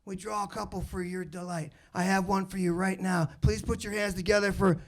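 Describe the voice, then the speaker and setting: A man's voice: high voice, flat delivery, a little fast, slight background noise. A man hosting a stand-up comedy show on stage, introducing comics and telling rambling self-deprecating jokes. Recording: live room with crowd laughter. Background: audience laughter.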